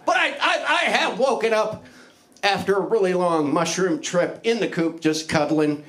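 A middle-aged man doing open mic stand-up comedy in a small club, loose and crude, mocking himself and shouting his punchlines. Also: sits high, moderate pace, noisy background.

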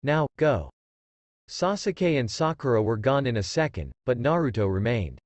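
A man reads a fan fiction story aloud in a steady storytelling manner. His pitch moves with lively swings, and the sound is dry and close to the mic. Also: moderate pace, no room sound. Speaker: story reader.

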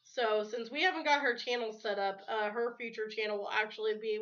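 A talkative woman in her thirties rambles through a casual home vlog, often breaking into laughter mid-sentence. Her voice sits a little high. The recording sounds dull and muffled. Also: a little fast, hardly any pauses, fairly bright tone. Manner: chatty, laughs often between words. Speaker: vlogger.

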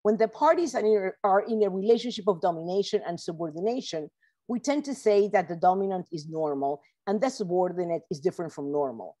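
A woman professor giving an academic book talk read from a script, measured, with occasional self-corrections, over a video call. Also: mid-range voice, mellow.

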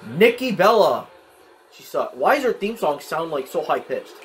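High-voiced young man ranting at a game. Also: normal speed. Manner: frustrated, excitable, yells at the game. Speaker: gaming channel host. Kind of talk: live gameplay commentary. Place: home, at a desk in a spinning chair.

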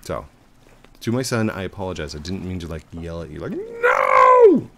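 A man in his thirties, a father, giving casual, chatty commentary over his gameplay. He laughs often and bursts into high, excited yells. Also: brisk, creaky, a little hiss or hum. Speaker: gaming YouTuber.

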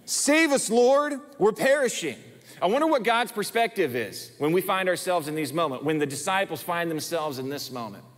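A man's voice: a little high, expressive, a little fast, hardly any pauses, a bit bright. A male pastor preaching a sermon in an emphatic way, often repeating words for stress. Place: church sanctuary. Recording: long reverb of a church hall.

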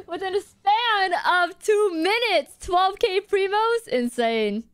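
Excitable high-voiced young woman streamer. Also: slow, no echo. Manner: excitable, gasping and shrieking at pulls. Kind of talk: live-stream gacha reactions.

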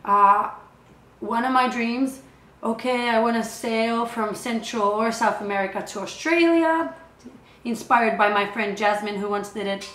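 A woman's voice: fairly high pitch, a bit bright. A young woman vlogging about her travels in a casual, chatty way, peppered with filler words. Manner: chatty, many filler "like"s, acts out quoted dialogue. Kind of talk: casual chat. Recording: echoey room.

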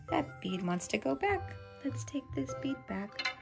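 A woman hosting a children's show, talking gently and slowly to toddlers and singing nursery songs as she plays. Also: medium pitch, very animated, vocal fry, over music. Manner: gentle, slow, sing-song, talks to the child directly.

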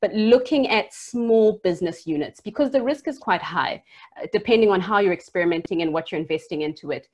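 A woman panelist on a video call, giving brisk, earnest advice. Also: mid-range voice, a little mellow. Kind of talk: online panel discussion.

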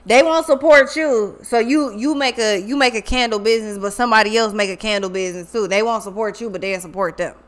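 A woman's voice: a little high, fairly quick, hardly any pauses. A woman giving a casual tarot reading monologue, blunt and profane, who talks emphatically and often repeats her words. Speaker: tarot reader.

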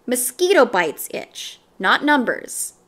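A stern, no-nonsense schoolteacher , read aloud by a woman, speaks in a firm, matter-of-fact tone. Her voice is bright and clear, and she paces her words slowly, as in a storybook. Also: a little high, big pitch swings, full character voice.

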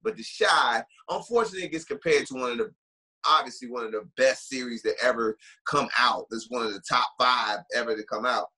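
A man's voice: mid-range voice, brisk, sharp tone, slightly rough, rough recording. A man hosting a podcast, casually steering the talk with playful, emphatic questions. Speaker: podcast host leading the talk. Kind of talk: casual chat.

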